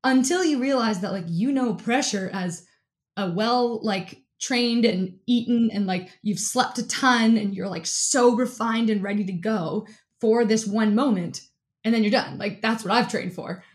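A woman guest in an interview, telling a lively story in a casual way, with lots of "like" and frequent laughter. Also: a little high, unhurried. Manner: animated, fills speech with "like", laughs often. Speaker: interview guest, athlete and keynote speaker.

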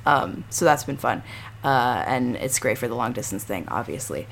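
A woman co-hosting a podcast in casual, candid chat, her voice low and gravelly this week. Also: lively intonation, moderate pace, slight background noise. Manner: chatty and candid. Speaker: podcast co-host.

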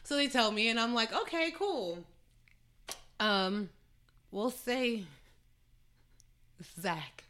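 A woman's voice: a little high, takes it slowly, long pauses. A young woman guest on a casual podcast, telling stories with lots of fillers and swearing. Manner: animated storyteller, swears freely, many fillers. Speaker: guest, cannabis entrepreneur.

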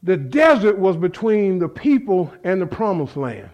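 Very animated, a man with a high, slightly mellow voice preaches at a moderate pace. He's fervent and conversational, repeating lines and calling out to the congregation for responses. The audio sounds dull.

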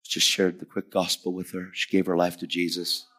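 A man's voice: sits low, completely flat delivery, moderate pace, fairly bright tone. Emphatic preacher man in his fifties. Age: 50s. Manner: emphatic storyteller who acts out dialogue. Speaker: guest preacher. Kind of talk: sermon told as a personal story.

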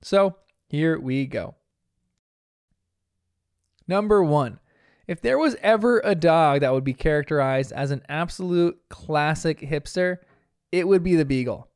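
A man's voice: on the high side, animated, a little slow, pauses often, darkish tone, clear, resonant tone, dry recording, studio quality. A young man from New Jersey hosting a casual cartoon review, chatty and laughing often at his own asides. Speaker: podcast host reviewing a cartoon. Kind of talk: casual episode commentary.

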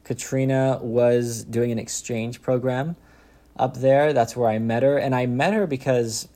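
A young man chatting casually in an interview, rambling and restarting with quick laughs. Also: mid-range voice, steady tone, mellow. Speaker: content creator making comedy skits.

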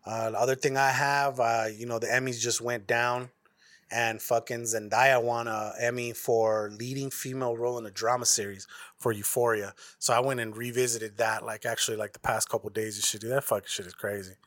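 A man's voice: medium pitch, level tone, fairly quick, a bit bright, dry recording. Brief: a male podcast host, loose and profane, recorded dry on a close mic. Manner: profane, slangy and rambling. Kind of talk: casual chat.

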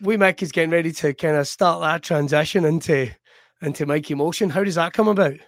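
A man's voice: a little high, fairly quick, no echo, clean studio sound. A Scottish man hosting a podcast, asking questions and chatting casually with his guest. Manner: encouraging, frequent short backchannels. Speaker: podcast host. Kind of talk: casual interview chat.

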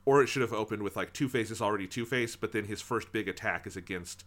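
Male podcast co-host, bright tone, loose and profane, acts out scenes. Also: fairly low pitch, fast talker. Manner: animated, swearing, acts out movie lines. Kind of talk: casual film review chat.

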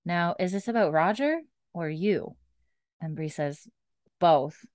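A woman on a chatty podcast retells scenes from a show, quoting the dialogue in an easy, unhurried way. Her voice sits a bit low, and the recording is dry and close. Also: dry recording. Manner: recounts dialogue in a flat retelling voice, casual fillers. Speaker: podcast co-host recapping a TV episode. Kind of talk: casual chat, retelling scenes.

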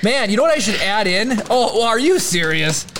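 A man co-hosting a casual livestream chat, excitable and jokey. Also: high-pitched, fairly quick, slight background noise. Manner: excitable, quotes movies, jokey. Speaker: podcast co-host.

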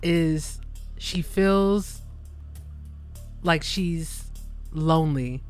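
Slow, hesitant woman guessing lyrics. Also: sits low, clear, resonant tone, faint music behind. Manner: hesitant, unsure. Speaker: quiz contestant. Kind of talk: casual chat.

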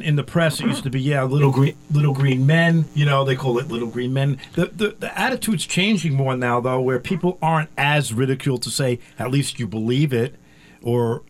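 A male talk-show guest talks loosely, with many fillers and restarts as he tells secondhand stories. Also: on the high side. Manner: loose, filler-heavy storytelling. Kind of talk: casual talk-show chat.

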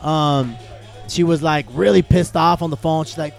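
Brief: young male podcast host, gravelly and fairly high, easygoing and profane. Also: steady tone, faint music behind. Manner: laid-back, profane, drawn-out. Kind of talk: casual chat.

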